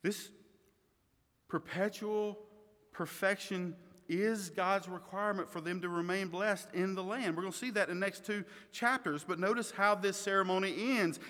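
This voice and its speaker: Male pastor, sermon, bright voice, emphatic, loud and soft by turns, long hall reverb. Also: high-pitched. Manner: emphatic preaching, swings between loud and quiet.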